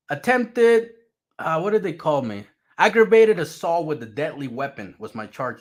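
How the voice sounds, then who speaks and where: A man telling his own story off the cuff, swearing freely and playing up the drama. His voice sits a little higher than most men's and swings widely up and down as he tells it. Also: moderate pace. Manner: profane, animated, dramatic retelling. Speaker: streamer telling a personal story. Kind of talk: casual storytelling.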